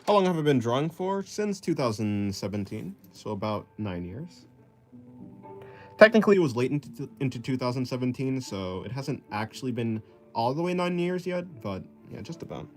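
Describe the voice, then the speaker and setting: A young man talks through a drawing stream, answering comments in a loose, rambling way and laughing at his own slips. His voice is lively and swings widely in pitch. Soft music plays faintly behind him. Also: normal speed. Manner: rambling, self-deprecating, laughs often. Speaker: artist streaming while drawing. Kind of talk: casual chat reading viewer comments.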